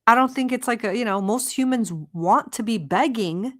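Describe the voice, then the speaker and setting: A Middle Eastern woman hosts a reaction channel, commenting on clips bluntly, animatedly and sarcastically with frequent swearing. Her voice is fairly high and she talks at normal speed.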